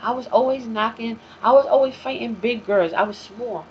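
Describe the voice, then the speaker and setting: A woman's voice: a little high, normal speed. A woman hosting a talk show, speaking in a blunt, profane, streetwise casual monologue. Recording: dull, slightly lo-fi recording with faint hiss.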